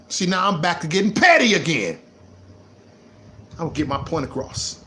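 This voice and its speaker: Man, raised-pitch voice, repetitive fired-up livestream rant, faint background noise. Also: moderate pace. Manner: animated and repetitive, swings from low mutter to loud laughing outbursts. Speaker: vlogger.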